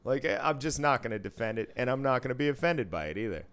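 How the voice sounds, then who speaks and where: A man's voice: medium pitch, lively intonation, fast, a bit bright, clean tone. A man in his thirties telling a story in casual chat, blunt and profane.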